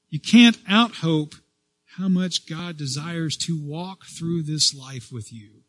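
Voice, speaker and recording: A man preaching a sermon as pastor, stressing key phrases loudly, then dropping to a soft voice, and restarting phrases as he goes. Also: on the high side, slow pace, no echo. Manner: repeats and restarts phrases as he speaks.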